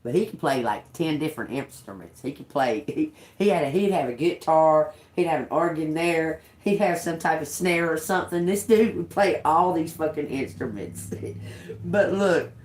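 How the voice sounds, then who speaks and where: A woman's voice: low voice, normal speed, darkish tone. A woman in her fifties hosting a livestream, telling a rambling story with frequent laughter and casual swearing. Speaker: livestream host. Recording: echoey room.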